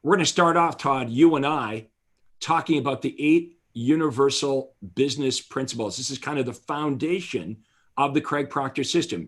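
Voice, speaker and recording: A man's voice: a little high, fairly bright tone. A man hosting an online real estate conference, speaking in a motivational way and addressing his audience directly. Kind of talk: energetic seminar presentation.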